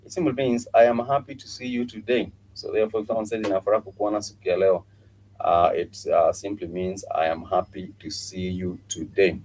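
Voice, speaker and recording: A middle-aged man teaching a live-streamed language lesson, patiently repeating each phrase slowly with many filler sounds. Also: sits low, steady tone, a little mellow, slight background noise, low-quality recording. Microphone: streaming mic.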